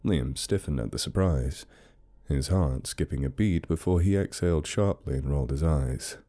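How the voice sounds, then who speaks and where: A man with an extremely deep voice narrates a horror story in a slow, brooding, measured way. His tone is dark and mellow, and the delivery is steady, scripted storytelling.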